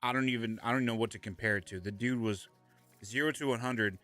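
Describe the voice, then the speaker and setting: A man's voice: mid-range voice, fairly even intonation, fairly quick, pushed and bright, soft background music. A young man co-hosting a podcast, retelling events in a rambling, laid-back way. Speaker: podcast co-host. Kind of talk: casual chat.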